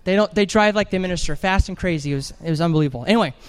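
A man preaching an animated sermon in church, telling a story with jokes and acted-out voices. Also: high voice, racing, smooth. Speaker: evangelist preacher.

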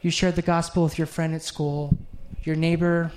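A man's voice: fairly high pitch, level tone, normal speed, darkish tone. A middle-aged man preaching a sermon, telling a heartfelt story in an earnest way and closing in prayer.

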